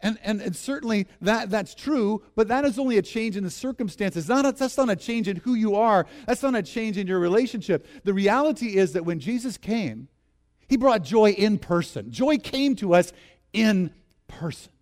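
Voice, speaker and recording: A man preaching a sermon in an animated way, reading scripture with laughter and leading the congregation in repeating lines. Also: sits high, moderate pace. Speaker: pastor.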